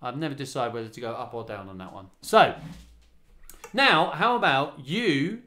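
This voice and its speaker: His medium-pitched voice sounds pushed and bright, animated at a moderate pace, as this children's choir leader in his forties hosts a livestreamed rehearsal from home. Acoustic guitar he plays sits behind him while he sings lines and counts the children in with friendly chatter.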